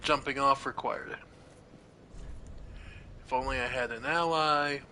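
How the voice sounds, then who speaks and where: Calm streamer man, let's play commentary, slow, bright, faint ambience behind. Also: mid-range voice, a little hiss or hum, rough recording. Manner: calm, reads game text aloud.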